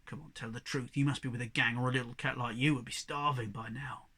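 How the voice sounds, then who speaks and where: A man voicing a tough young female street cat who talks gruffly and bluntly, with a gravelly voice. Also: medium pitch, fairly even intonation, quick pace, bright, forceful tone, pitched below the performer's own voice. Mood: scornful. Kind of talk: audiobook character reading.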